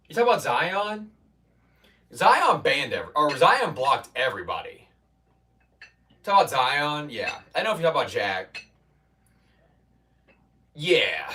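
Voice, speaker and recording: Male streamer, high-ish lively voice, rambling casual chat, recorded from back off the mic. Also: far from the mic. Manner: rambling, restarts, mock-quotes chatters. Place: home gym in a basement.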